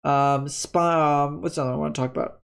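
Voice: medium pitch, steady tone, quick pace, vocal fry. Chatty, rambling tabletop game creator. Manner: chatty, rambling, self-correcting, upbeat. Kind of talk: casual explainer on game monster stats.

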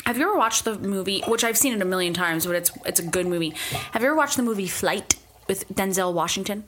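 A young woman co-hosting a casual podcast, telling quick stories and laughing often. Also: mid-range voice, lively intonation, fairly bright tone, a little hiss or hum. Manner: chatty, quick storyteller who laughs a lot. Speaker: podcast co-host. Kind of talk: casual chat.

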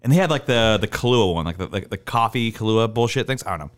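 A man in his thirties telling stories in casual chat, swearing freely and acting out the people in them. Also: quick pace. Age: 30s. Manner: animated, acts out the people in his stories with big pitch jumps; swears a lot. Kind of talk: casual storytelling.

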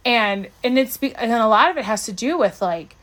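A woman co-hosting a podcast, chatting casually about an episode in an animated, rambling way, with lots of fillers and restarts. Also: moderate pace. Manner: animated, jumps to high pitch when excited. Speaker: podcast co-host. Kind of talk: casual chat reviewing an episode.

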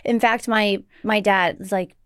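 A woman's voice: mid-range voice, steady tone, measured pace, clean tone, dry recording, studio quality. A middle-aged woman co-hosting a podcast, chatting casually in a blunt, teasing, heavily profane way. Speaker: podcast co-host. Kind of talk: casual chat.

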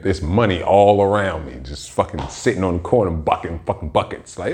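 A man's voice: low-pitched, fairly quick, darkish tone. A man hosting his own podcast, telling stories in a rambling, slangy, heavily profane monologue. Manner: rambling, slangy, heavy swearing. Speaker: podcast host.

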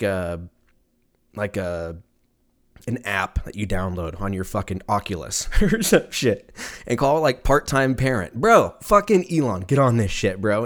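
A man hosting his own podcast, chatting casually in a rambling, profane way and laughing often as he goes. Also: mid-range voice. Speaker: podcast host. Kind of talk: casual solo podcast rant. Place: lives in Texas.

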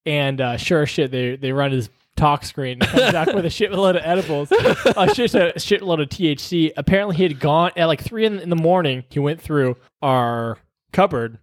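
A young man telling an animated story in casual chat, acting out the voices and swearing freely. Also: on the high side, moderate pace, hardly any pauses, no room sound, studio quality.

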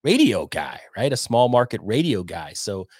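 A man's voice: fairly low pitch, sing-song, normal speed, breathy edge, no room sound, studio quality. A man hosting a casual livestream, rambling loosely, swearing and reading viewer donations aloud. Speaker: podcast host reading chat.

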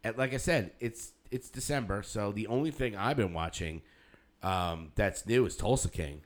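Chatty man with a low voice. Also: normal speed. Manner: rambling, laughs often, quotes people in animated bursts. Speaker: podcast co-host. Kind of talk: casual chat.

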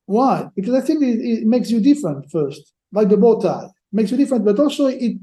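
A sports lawyer guest answers podcast interview questions in a sing-song way, though haltingly, repeating words as he searches for phrasing. He has a high voice with a dark tone, and the recording sounds roomy with echo.

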